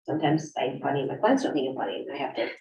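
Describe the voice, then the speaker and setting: A woman's voice: very deep voice, animated, racing, darkish tone. A woman instructor speaking frankly and conversationally on a panel at a career event. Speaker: graduate program instructor. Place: university event room. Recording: distant, echoey, dull room recording.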